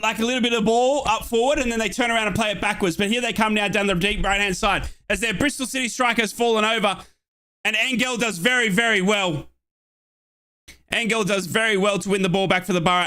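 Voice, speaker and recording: A young Australian man giving excited fan play-by-play on a football match and chatting with viewers from his home office. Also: high-pitched. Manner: excitable, shouts at chances, chats with viewers. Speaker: watchalong streamer.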